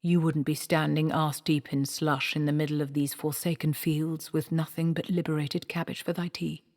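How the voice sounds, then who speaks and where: A hearty, theatrical male actor-manager, as a woman reader puts him on calls out loud and cheerful. The voice sits low for a woman yet rings out boldly. A long hall echo hangs behind it. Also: flat delivery, normal speed. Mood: wry.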